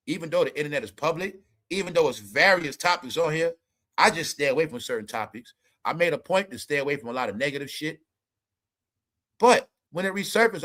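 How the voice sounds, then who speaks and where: A man ranting through celebrity commentary in a forceful, bright, edgy voice pitched a little high. He is profane and emphatic, and he talks straight to his audience as the show's host.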